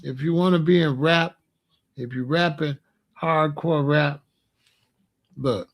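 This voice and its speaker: A man's voice: fairly high pitch, fairly even intonation, slow pace, long pauses. A young man giving a ranting commentary, incredulous and exasperated as he scolds and asks questions.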